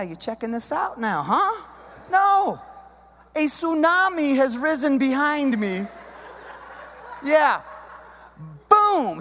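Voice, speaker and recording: Man, 30s, comic storyteller; high, bouncy voice, long hall reverb. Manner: animated, chummy, addresses the guys. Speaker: comedic storyteller.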